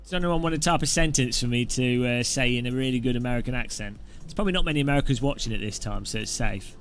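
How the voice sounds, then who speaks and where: Joking British streamer, faint music. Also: male voice, mid-range voice, fast talker. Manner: joking, rambling, reacts to chat. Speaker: sim racing streamer. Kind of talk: casual live-stream chat.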